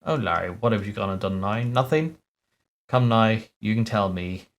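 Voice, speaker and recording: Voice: medium pitch, normal speed, close to an everyday voice. A man reading as a teasing best friend. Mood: playful. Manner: playful and gossipy.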